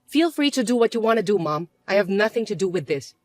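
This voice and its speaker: A woman's voice: mid-range voice, big pitch swings, quick pace, darkish tone, dry recording, clean studio sound, close to an everyday voice. A woman voicing a hurt, hardworking young adult daughter in a synthetic story narration, speaking plainly and defensively.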